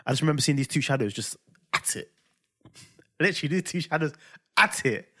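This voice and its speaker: A man's voice: fairly high pitch, brisk. A man, co-hosting a casual podcast chat and telling stories with lots of acted-out sounds and laughter. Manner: animated storyteller, acts out voices and sounds, laughs often. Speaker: podcast co-host.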